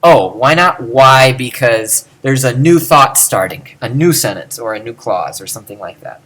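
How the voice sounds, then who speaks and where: A man's voice: medium pitch, animated, moderate pace, a bit bright. A man giving an informal video lecture on Ancient Greek, thinking aloud and demonstrating pronunciations.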